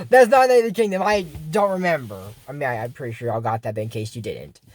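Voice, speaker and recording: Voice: medium pitch, fast. A YouTuber recapping a cartoon episode in casual commentary, rambling and correcting their own slips.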